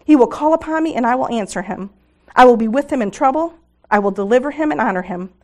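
A woman's voice: high voice, lively intonation, fast talker. A middle-aged woman speaking to a women's gathering, reading scripture aloud in an earnest devotional manner. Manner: earnest, reads scripture aloud, laughs with audience.

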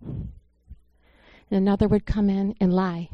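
A woman's voice: medium pitch, fairly even intonation, moderate pace, long pauses, dry recording, dull audio. A woman giving an informal sermon, talking in an earnest, conversational way and telling a story to the congregation. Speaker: church speaker.

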